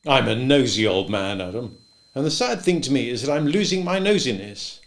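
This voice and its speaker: A man voicing a wry, stubborn old male farmer who speaks gently and thoughtfully, a bit louder than his narration. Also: mid-range voice, expressive, normal speed, voice pushed up, lightly acted. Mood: wistful.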